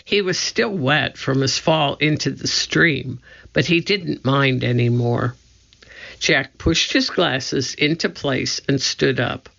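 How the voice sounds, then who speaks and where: A narrator giving an expressive, measured reading of a children's storybook. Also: mid-range voice, vocal fry. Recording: dull lo-fi recording.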